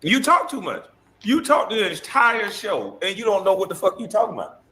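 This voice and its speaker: A man hosting a heated, taunting casual rant, mocking someone with quick impressions. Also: high-pitched, big pitch swings, bright, forceful tone. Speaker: show host.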